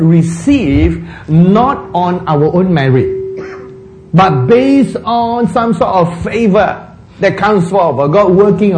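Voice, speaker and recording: Male pastor, high and animated voice, unhurried, leans on repetition for emphasis. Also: a little hiss or hum, rough recording. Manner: deliberate, rhetorical questions, emphatic repetition. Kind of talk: sermon. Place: church.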